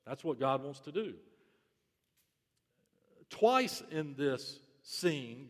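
A man's voice: on the high side, fairly bright tone. A pastor preaching a sermon in an earnest, emphatic way, repeating his key phrases. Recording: reverberant hall.

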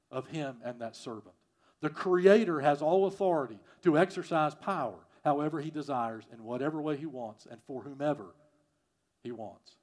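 A man preaching a sermon, repeating phrases and swinging from loud emphasis to quiet, prayerful lines. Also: a little high. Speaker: pastor.

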